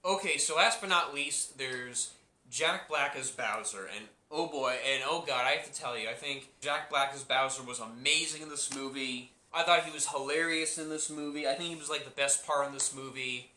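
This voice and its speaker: A man's voice: medium pitch, moderate pace, bright, forceful tone, reverberant. A man giving a casual spoken movie review, rambling and repeating himself with many restarts.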